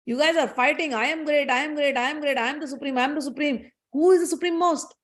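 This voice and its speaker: A woman's voice: high voice, fast, pitched above the performer's own voice, lightly acted. A woman doing a wise guru of the gods. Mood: scolding. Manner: pleading, then scolding.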